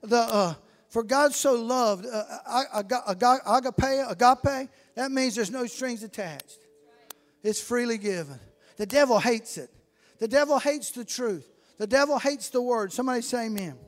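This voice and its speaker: A preacher with a strikingly high voice tells his story and builds to fervent cries. A long reverb from a large church hall trails each phrase. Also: moderate pace. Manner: storytelling, rising to fervent shouts. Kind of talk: sermon.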